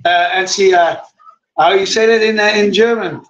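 A man's voice: sits high, fairly even intonation, moderate pace, a bit bright, muffled recording. A middle-aged man, hosting a casual live cooking stream and chatting to viewers in a rambling way. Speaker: cooking show host. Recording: echoey room, mic far off.

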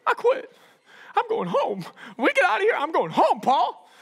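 A man's voice: very high-pitched, wildly swooping pitch, normal speed, creaky, fairly bright tone, long reverb tail, pitched above the performer's own voice, full character voice. A man voicing a sulking young man who wants to quit and go home, in a whiny, pleading way.

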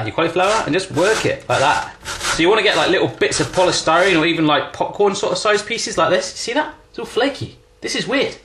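A quick-talking man with a fairly high voice runs through a home cooking video, cracking jokes and talking straight to the viewers. His voice rings around a bare, echoey kitchen with faint noise behind it. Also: a bit bright. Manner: jokey, chatty, talks straight to viewers. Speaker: cooking vlogger.

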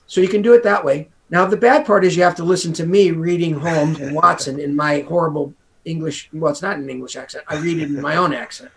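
A man's voice: fairly high pitch, steady tone, a little fast, creaky, a bit bright. An American man, a guest author, talking casually in an interview in a rambling way, full of asides. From United States.

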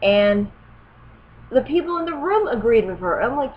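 A woman's voice: on the high side, very animated, normal speed, long pauses, highs cut off. A woman in her thirties telling a personal story as a vlogger, rambling, correcting herself and growing indignant. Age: 30s.

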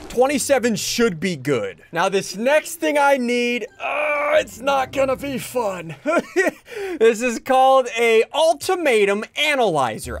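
Excitable high-voiced gaming host. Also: male voice. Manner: excitable, chatty, taunts game mobs playfully. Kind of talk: Let's Play commentary.

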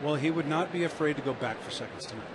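An easygoing male color commentator chats through a baseball broadcast while eating. His voice sits a little high. Clear background noise runs under the audio. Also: quick pace.

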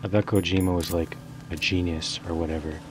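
A young man casually commentating his video game playthrough, swearing freely, laughing often and bursting into excited outbursts. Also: low voice, fairly quick, heavy background noise. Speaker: gaming streamer. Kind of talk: casual let's play commentary.

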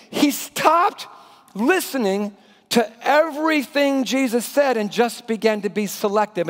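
Animated male pastor preaching in a hall. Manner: animated, drops to a hushed low voice for emphasis. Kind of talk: sermon. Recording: reverberant church hall.

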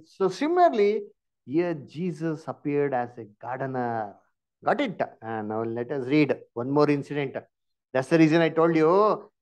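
A man with an Indian English accent and a voice that sits high teaches a Bible lesson. He fires questions and prompts answers with "huh?".

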